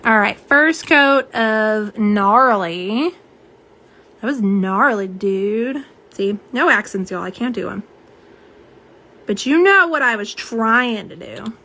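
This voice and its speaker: Chatty middle-aged woman host, fairly high voice. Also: expressive, slow, bright, forceful tone. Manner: chatty, bubbly, talks to viewers as y'all. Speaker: nail polish livestream host. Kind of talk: casual livestream chat reading comments. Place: home setup for live streaming. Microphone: phone camera on a live stream.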